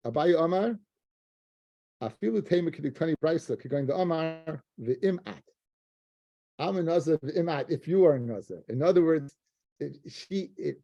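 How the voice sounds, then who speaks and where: A man's voice: on the high side, warm tone, no echo, dull audio. A man teaching a Talmud class, reading Aramaic phrases aloud, translating them, and often repeating himself as he works through a passage.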